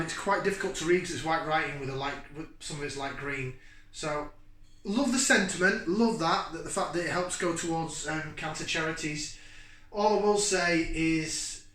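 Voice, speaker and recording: A man's voice: high voice, sharp tone. A middle-aged man, chatting casually as he reviews a beer to camera, rambling and thinking aloud. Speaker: beer reviewer and channel host. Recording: echoey room, mic at a distance.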